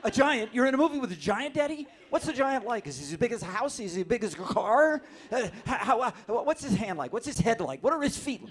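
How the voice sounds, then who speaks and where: A man doing an excited little kid. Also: very high voice, pitched above the performer's own voice. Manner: breathless, rapid-fire questions. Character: excited little child pestering dad.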